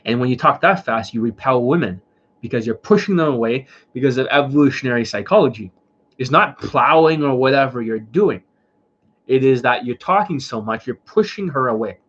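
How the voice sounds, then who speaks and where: A dating coach lectures his audience in a blunt, profane rant and hammers the same points over and over. His voice is a little husky and sits at an ordinary pitch for a man. The stream sounds muffled and lo-fi. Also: lively intonation, brisk. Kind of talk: casual livestream rant.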